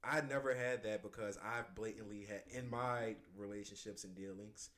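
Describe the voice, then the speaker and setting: A man co-hosting a podcast, laughing often and explaining himself in crude, animated chat. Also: on the low side, normal speed. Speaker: podcast co-host. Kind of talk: casual chat.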